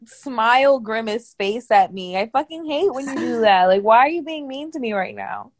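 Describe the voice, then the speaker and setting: A woman's voice: fairly high pitch, expressive, moderate pace. Teasing, ranting young woman. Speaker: podcast co-host. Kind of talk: casual chat.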